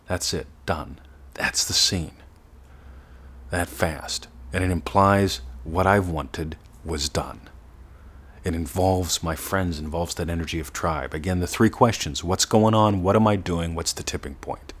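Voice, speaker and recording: Husky deep-voiced man coaching. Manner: earnest coaching, drops to slow, soft demonstrations. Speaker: manifestation coach. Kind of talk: motivational teaching talk.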